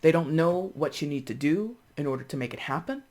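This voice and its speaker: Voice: medium pitch, animated, fairly quick, a little mellow. A tarot reader giving a casual reading to camera, chatting freely with many fillers and restarts and acting out how other people would react. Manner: thinks aloud with frequent fillers and restarts.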